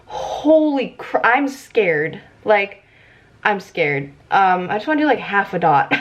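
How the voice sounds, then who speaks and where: A young woman vlogging casually about her makeup, excitable and giggly, chatting as she works. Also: medium pitch, takes it slowly. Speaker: beauty vlogger. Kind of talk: casual makeup tutorial chat. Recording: slightly dull lo-fi audio.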